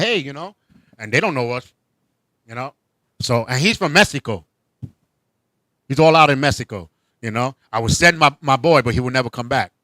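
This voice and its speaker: A man hosting a casual comedy talk show, joking and animated, laughing often. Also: medium pitch, dry recording. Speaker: host.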